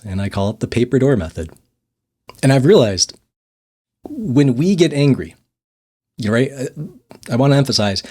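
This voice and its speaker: A man's voice: medium pitch, breathy edge. Laid-back man telling a rambling story. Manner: rambling, laughs often, restarts and repeats words. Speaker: vlogger. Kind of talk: casual storytelling monologue.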